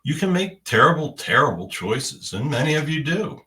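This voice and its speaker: A man delivering a spiritual message in the first person, in deliberate, halting phrases with long pauses. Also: a little high, very animated, sharp tone, distant mic.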